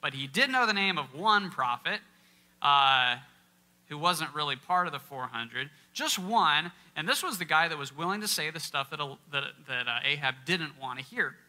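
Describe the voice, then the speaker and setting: A man's voice: fairly high pitch, lively intonation, moderate pace, pushed and bright. A man giving an interactive Bible teaching talk to a live audience in a church, quizzing listeners and stressing key words in a conversational way. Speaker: workshop speaker.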